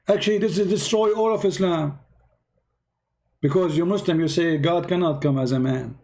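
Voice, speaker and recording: A man's voice: fairly high pitch, moderate pace, dark tone. Combative, mocking man on a livestream. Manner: mocking, combative, repeats himself. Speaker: live stream host. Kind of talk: heated commentary.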